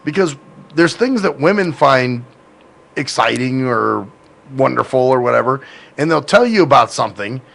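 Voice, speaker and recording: Male podcast host, gravelly, rambling and profane, casual tone. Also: medium pitch, expressive, normal speed, fairly bright tone. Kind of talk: casual chat.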